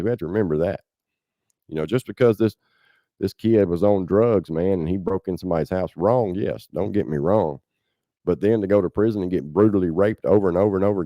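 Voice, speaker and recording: Southern man, podcast host, deep and mellow, blunt and impassioned. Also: no room sound, clean studio sound. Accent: Southern American. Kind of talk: casual livestream commentary.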